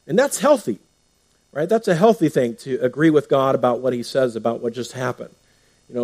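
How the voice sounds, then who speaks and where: A man giving informal Bible teaching as a pastor, conversational, often tagging "right?" and restarting with fillers, lifting his pitch for emphasis. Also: a little mellow.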